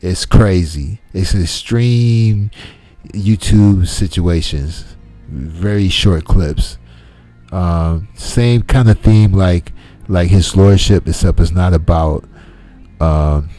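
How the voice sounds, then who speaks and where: Brief: male commentary host, unhurried delivery, casual and conversational. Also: low voice, mellow. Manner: laid-back, conversational slang.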